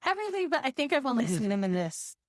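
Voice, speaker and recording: A woman's voice: high voice, sing-song, fast, no room sound, studio quality. A woman hosting a casual podcast chat, upbeat and chatty. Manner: upbeat, scripted-sounding intro then chatty banter. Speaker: podcast host.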